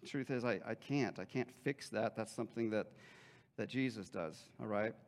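A man's voice: lowish voice, normal speed. A man preaching a sermon as pastor in a conversational way, with joking asides and frequent checks like "okay?".

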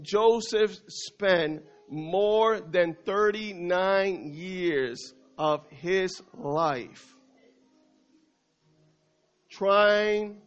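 A male pastor preaches with a high voice, driving points home through repetition and calls to the congregation. The recording is dull and lo-fi. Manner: emphatic, repetitive preaching with call-and-response. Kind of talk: sermon.

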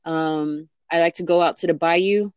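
A woman's voice: fairly low pitch, steady tone, moderate pace, clean tone, dry recording, dull audio. A young woman in casual chat, rambling with lots of fillers and restarts. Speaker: interviewee.

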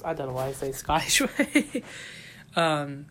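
A woman from the United States hosting her own casual solo podcast, her voice sitting a little low. She talks in a loose, wandering way, stopping and restarting, with bent grammar and plenty of fillers. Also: a little hiss or hum. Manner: rambling and halting, with loose grammar and frequent fillers. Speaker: podcast host.

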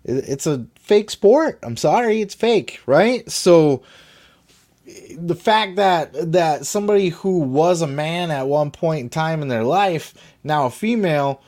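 A man hosting a wrestling podcast, talking in a blunt, profane, animated way. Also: fairly high pitch, slow pace. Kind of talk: casual opinionated commentary.

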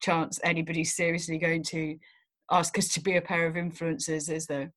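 A woman's voice: low voice, little pitch movement, moderate pace, fairly bright tone. A woman co-hosting a satirical podcast, speaking in an arch, mock-earnest way. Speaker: podcast co-host. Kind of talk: dry satirical banter.

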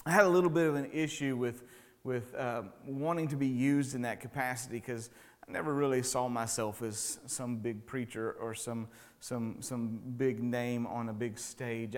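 A man preaching a relaxed, conversational sermon as a pastor and chaplain, with a self-deprecating sense of humor and lots of stammered restarts. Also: medium pitch. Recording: long hall reverb.

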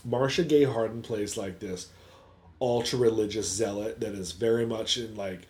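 A man's voice: lowish voice, normal speed, darkish tone. Rambling, profane man chatting about movies. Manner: rambling, profane, acts out reactions in quotes. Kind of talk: casual chat about movies.

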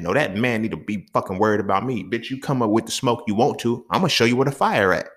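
A man's voice: fairly low pitch, expressive, fast talker, hardly any pauses, a bit bright. A young man hosting a solo podcast, talking in a heated, profane, exasperated rant. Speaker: podcast host. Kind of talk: casual solo podcast monologue.

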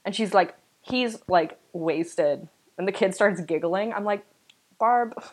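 A woman's voice: fairly low pitch, measured pace, slightly rough, rough recording. A young woman co-hosting a podcast, chatting casually about a horror film and filling her talk with "like" and "you know.". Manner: chatty, filler-heavy, uses "like" a lot. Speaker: podcast co-host. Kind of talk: casual chat.

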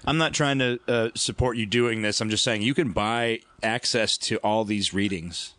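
A man's voice: on the low side, normal speed, sharp tone, no echo. A man hosting a casual podcast chat, rambling and self-deprecating, often trailing off mid-sentence. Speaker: podcast host.

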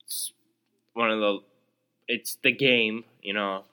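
A young man talks alone into his podcast mic, venting in a sarcastic, exasperated way and stumbling over fillers as he goes. His voice sits a little low but has a very bright, sharp edge. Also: steady tone, takes it slowly, smooth. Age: young adult. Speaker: podcast host. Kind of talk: solo ranting podcast.

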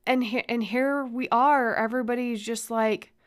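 A woman hosting her own podcast, rambling and swearing, moving from flat musing into heated ranting. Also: on the high side, normal speed, hardly any pauses. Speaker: podcast host. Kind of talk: solo podcast rant.

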